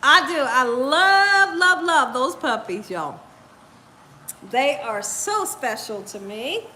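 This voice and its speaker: A woman with a very high, bright voice chats on a live stream, laughing often and teasing as she passes along viewer comments. She talks slowly and takes her time. Faint room noise sits under her voice. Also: big pitch swings. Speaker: cooking channel host. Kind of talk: casual live-stream chat.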